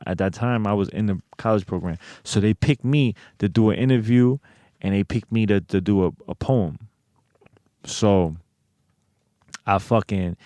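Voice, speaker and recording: This interview guest from the United States has a fairly low, darkish, smooth voice, recorded with no room sound. Telling a personal story in a casual chat, he's profane and streetwise and fills his speech with stock phrases.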